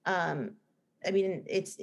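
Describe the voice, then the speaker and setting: A woman's voice: fairly low pitch, slow pace, vocal fry. A middle-aged woman with a New Jersey accent, a guest in a casual podcast interview, talking earnestly and rambling with many restarts. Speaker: guest, film director and writer.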